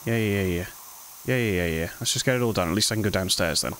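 A man's voice: low voice, fast talker, a bit bright, a little hiss or hum, rough recording. A young man giving jumpy, self-mocking commentary while playing horror games, with sudden yelps. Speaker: gaming video host.

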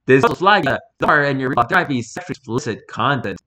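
A man's voice: medium pitch, lively intonation, fairly quick, sharp tone. A man reading posts aloud in a rambling, jokey vlog commentary, swearing casually.

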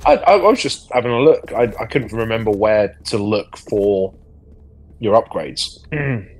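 A man's voice: fairly low pitch, a little slow. A middle-aged English man, an actor, chatting on a game stream and telling a story animatedly. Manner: animated storyteller, acts out quotes. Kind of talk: casual chat, storytelling.

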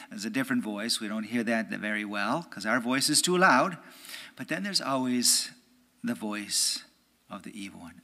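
Gravelly low-voiced man preaching a homily. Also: measured pace. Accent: American. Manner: conversational, often asks "right?"; drops to a hushed, near-whispered voice. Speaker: priest. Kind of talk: homily at a prayer meeting. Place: church.

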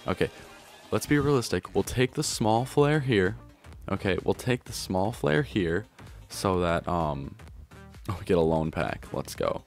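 Man, gaming commentary, low-pitched, very animated, excitable, hushed at times, faint music behind. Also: unhurried, vocal fry. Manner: excitable, swings from grumbling to yelling and laughing; trying to keep his voice down. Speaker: video game streamer. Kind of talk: pack-opening gameplay commentary. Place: at home.

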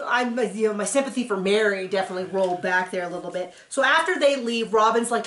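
Woman, sarcastic TV recapper, a little high-pitched, in a roomy space. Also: lively intonation, fast, fairly bright tone. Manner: chatty and sarcastic, with playful asides. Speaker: TV recap reviewer. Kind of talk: casual reaction recap. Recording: roomy echo.

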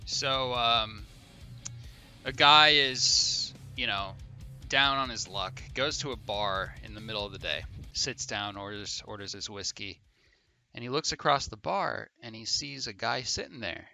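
A man's voice: fairly low pitch, creaky, bright, forceful tone, soft background music. A man streaming a video game and chatting casually, laughing often and dragging out a long joke. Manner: laughs often, drawn-out joke delivery, teasing. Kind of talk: casual gaming chat with a long told joke.

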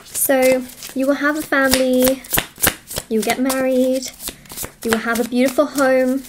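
A woman's voice: high voice, flat delivery, a little slow, background noise. A woman giving a tarot love reading to her viewers, reassuring and emotional as she speaks to them directly. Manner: warm, reassuring, emotional pep talk. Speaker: tarot reader. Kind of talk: casual tarot reading to camera.

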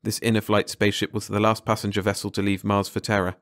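A male audiobook narrator with a low voice reads a short story in a measured, dramatic manner. The recording is close and dry, with no room sound. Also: completely flat delivery, fairly bright tone, no echo.

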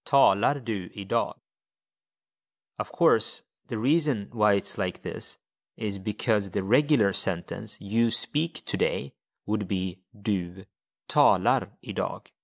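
A man's voice: lowish voice, takes it slowly, vocal fry. A man teaching a language lesson step by step, patiently repeating phrases for learners.

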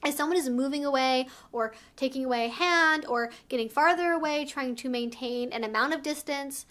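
High-pitched, frank woman vlogger. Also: moderate pace, a bit bright. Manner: frank and emphatic, with filler "like" and "right?". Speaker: sex educator vlogger. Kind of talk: casual frank advice talk.

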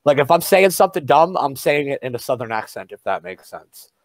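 A man's voice: medium pitch, very animated, a little fast, no room sound. A man hosting a podcast, chatting casually in a laid-back way and asking his guest questions. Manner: laid-back, laughs along, asks questions. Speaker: podcast host. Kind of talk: casual chat.

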